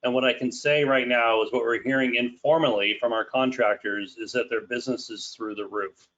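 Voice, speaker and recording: A man's voice: mid-range voice, steady tone, fairly bright tone. Man moderating a muffled webinar. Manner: measured, reads out audience questions. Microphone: video call. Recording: dull lo-fi call audio.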